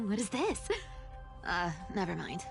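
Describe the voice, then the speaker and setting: A woman's voice: medium pitch, big pitch swings, slow, gravelly, exaggerated voice. An actress voicing a sly, scheming young female thief in a video game, giggly and mischievous as she talks to herself. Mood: gleeful. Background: game music.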